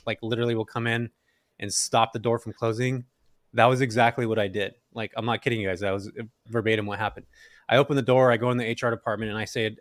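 A man in his thirties from Central Valley, California, a podcast guest telling his story in an animated way and acting out quoted lines. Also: fairly low pitch, no echo, studio quality. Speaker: guest, real estate investor.

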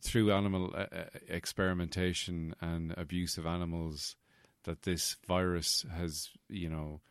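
A man's voice: low voice, little pitch movement, unhurried, clean tone, dry recording, clean studio sound. A man, co-hosting a film podcast in a rambling way, trailing off into fillers. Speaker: podcast co-host. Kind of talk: casual film discussion.

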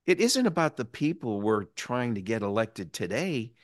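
A male interview host speaks in a lively, expressive voice that rises and falls, telling his points with reflective feeling. The sound is close and dry. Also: medium pitch, moderate pace, no echo. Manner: reflective, emotional storytelling. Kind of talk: political interview.

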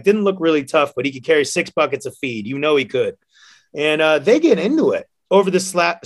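Chatty man telling bar stories. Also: on the high side. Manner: animated, laughs often, acts out quotes. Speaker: bartender guest. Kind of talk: casual storytelling.

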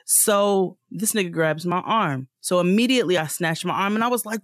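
A woman co-hosting a book club chat, telling a story in an animated way, swearing and acting out her own lines loudly. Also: on the low side, fairly quick, dry recording, clean studio sound. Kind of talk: casual storytelling.

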